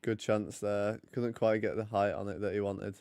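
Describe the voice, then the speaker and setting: A man's voice: fairly low pitch, fairly even intonation, normal speed, creaky, a little mellow, dry recording. A young man chatting and joking casually while hosting a live hockey watch party. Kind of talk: casual live commentary and chat.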